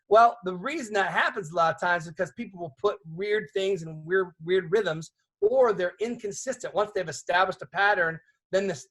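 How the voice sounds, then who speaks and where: A man teaching a songwriting seminar in a conversational way, often checking in with his audience with quick questions. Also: high voice, a bit bright.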